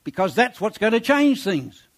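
With a sing-song delivery at a moderate pace, a man preaches from scripture and poses rhetorical questions to his congregation. He grows quiet and low when offering praise.

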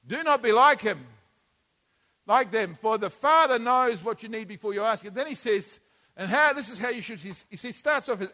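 Preaching a sermon in a church hall, a high-pitched man speaks to the congregation in a relaxed, conversational style. He slips into quiet asides before building to emphatic bursts. His voice rings out with a long, lingering reverb.

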